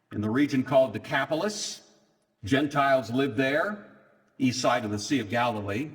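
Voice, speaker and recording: A male pastor preaching a sermon, telling the story with dramatic emphasis and sudden swings from quiet to loud. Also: fairly high pitch. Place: church. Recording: long church hall reverb.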